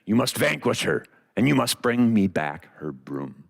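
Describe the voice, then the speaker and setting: A man voicing a scary, haughty male wizard who gives orders in a slow, imperious tone. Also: on the low side, sing-song, vocal fry, big-room sound, heavily acted. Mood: commanding. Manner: commanding, imperious.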